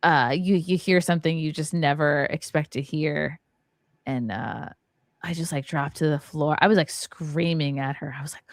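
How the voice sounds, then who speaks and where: A woman's voice: sits low, moderate pace, no room sound, studio quality. A woman in her thirties, a stand-up comic hosting a podcast, talking candidly and with plenty of profanity, her voice jumping up when she gets worked up. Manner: candid and profane, voice rising sharply when upset. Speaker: host, stand-up comedian. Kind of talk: emotional podcast conversation.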